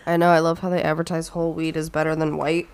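Low-voiced woman in casual chat. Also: completely flat delivery, quick pace, clean tone. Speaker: podcast co-host.

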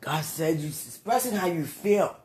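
A vlogger speaking an emotional, pleading prayer to the camera, swinging between quiet murmurs and excited bursts. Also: medium pitch, moderate pace, background noise. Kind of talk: casual spoken prayer to camera.

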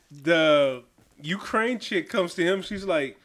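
A man hosting a podcast, reviewing a film in casual chat, animated and laughing often, stumbling over names. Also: on the high side, very slow. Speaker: podcast host.

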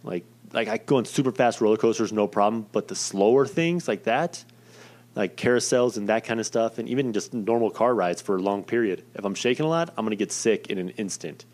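A man's voice: on the low side, fairly quick, darkish tone. A young man casually telling a personal story in a rambling, profane, self-deprecating way.

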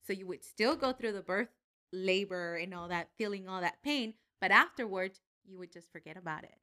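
A woman's voice: medium pitch, moderate pace, sharp tone. Giggly chatty woman podcast co-host. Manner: giggly, chatty, explains things loosely. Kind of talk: casual chat.

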